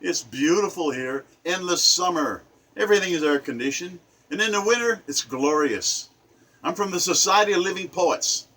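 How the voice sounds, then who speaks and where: Impassioned high-voiced man ranting. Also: expressive, normal speed. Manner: emphatic, angry, swings between loud outbursts and low murmurs. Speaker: poet. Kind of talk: impassioned spoken rant to camera.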